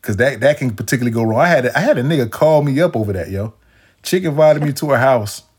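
A man's voice: mid-range voice, quick pace, breathy edge. A grown man hosting a casual chat, telling stories with slang and swearing and acting out the quoted voices. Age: adult, past his younger days. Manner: animated storyteller, acts out quotes in shifting voices; swears freely, slangy street talk. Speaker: podcast host.

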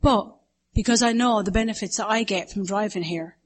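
A woman's voice: mid-range voice, a little fast. A middle-aged woman with an Irish accent, telling her personal story to a recovery meeting in a candid, self-mocking way, acting out other people's voices. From Ireland.

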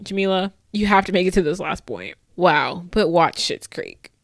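A woman's voice: lowish voice, moderate pace, no echo. Young woman chatting solo on her podcast, fangirling and laughing a lot, clean dry mic. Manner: gushing, laughing, animated fangirling. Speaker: podcast host. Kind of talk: casual solo podcast chat.

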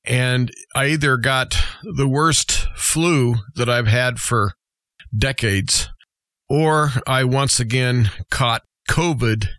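A man hosting a radio talk show, his voice weak from a recent illness and his phrasing halting. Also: mid-range voice, a bit bright, dry recording. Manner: halting, slow, plain-spoken phrasing. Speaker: regular guest host.

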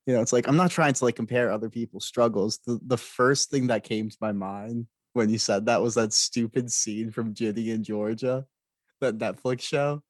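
A man's voice: mid-range voice, steady tone, moderate pace, dry recording. A man in a casual podcast chat, laid-back and sarcastic, often breaking into laughter.

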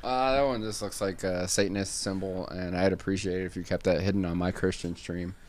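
Low-voiced man rambling through a story. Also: steady tone, brisk. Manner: rambling, laughs often. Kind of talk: casual improvised storytelling.

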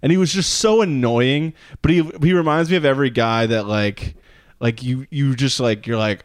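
A man co-hosting a casual comedy podcast, rambling and jokey, swearing freely and jumping into silly high voices. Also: normal speed, clean tone, dry recording, studio quality. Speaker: podcast co-host.

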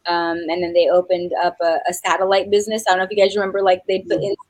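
A woman's voice: on the low side, little pitch movement, racing, no echo, poor audio. A middle-aged woman from New Mexico, a guest singer chatting in an interview, talking with many fillers and restarts. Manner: warm, many fillers and restarts, laughs often. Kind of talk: casual interview chat.

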